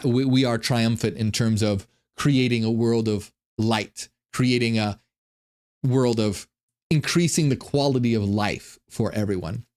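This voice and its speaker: A man hosting a channel, giving a rambling, profane monologue with many restarts. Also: mid-range voice. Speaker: channel host. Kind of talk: monologue commentary on ancient texts.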